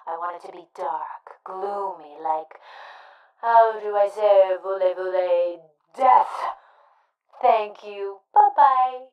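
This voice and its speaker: A woman performing a bossy, flamboyant film director who shouts orders at the crew in an audio play. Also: mid-range voice, takes it slowly, lightly acted. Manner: commanding, flamboyant, calls out to crew. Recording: roomy, distant, dull sound.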